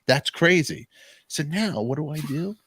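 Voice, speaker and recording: Husky and on the high side, this podcast host speaks at a measured pace while telling a long story in casual conversation. He animates it by performing the voices of the people he quotes.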